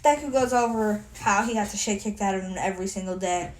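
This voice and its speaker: A woman's voice: medium pitch, fast talker, a little mellow. A tired woman casually retelling her fan story in a rambling way, with a lot of swearing and self-mockery.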